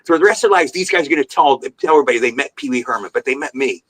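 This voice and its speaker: A slightly rough, middle-pitched voice belongs to an older actor guesting on a podcast via remote call. He rattles off show-business stories briskly and with animated energy, putting on voices for the quotes.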